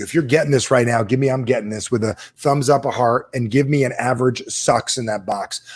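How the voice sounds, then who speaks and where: A man's voice: medium pitch, darkish tone, slightly rough. Man, motivational speaker, live stream, urgent, direct, keeps asking viewers questions, mid-range voice.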